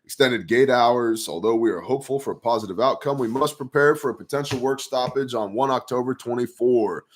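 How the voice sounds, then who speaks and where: A man's voice: medium pitch, fairly quick, a little hiss or hum. A man hosting a casual news commentary show, talking in a sarcastic, profane, conspiratorial way and reading viewer emails.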